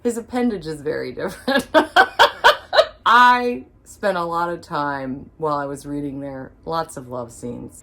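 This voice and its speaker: A woman book vlogger chatting casually about her reading, giggling and gushing with excitement, often squealing. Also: sits low, creaky, slight background noise. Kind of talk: casual vlog chat.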